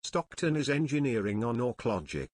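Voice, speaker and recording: A man's voice: medium pitch, very animated, normal speed, no room sound, clean studio sound. A man on a stream throwing in joking asides during casual chat.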